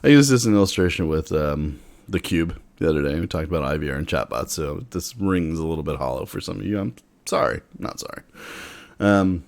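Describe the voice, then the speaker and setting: A man's voice: sits low, lively intonation, brisk, vocal fry, a little mellow. A man explaining technology in a casual, conversational way, breaking off into wry asides and restarting his sentences. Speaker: tech speaker.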